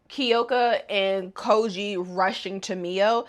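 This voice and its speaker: A woman's voice: a little high, a little slow, hardly any pauses, pushed and bright. A woman casually recapping an anime episode in a chatty, joking, slangy way.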